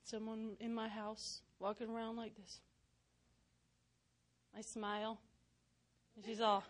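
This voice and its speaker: A woman preacher chatting casually in a goofy, giggly way, laughing often and sometimes dropping to a hushed aside. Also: a little high, monotone, slow pace. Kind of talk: casual personal chat.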